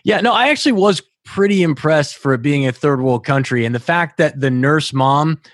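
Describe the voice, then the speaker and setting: A man's voice: fairly high pitch, lively intonation, normal speed, no room sound, clean studio sound. A man co-hosting a podcast, chatting casually in a blunt, wry way and swearing offhandedly. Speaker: podcast co-host. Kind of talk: casual chat.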